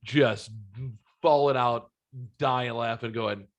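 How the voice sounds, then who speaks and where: A man's voice: mid-range voice, slow, highs cut off. A man hosting a podcast in casual, profane, rambling chat. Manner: profane, rambling, laid-back. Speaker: podcast host.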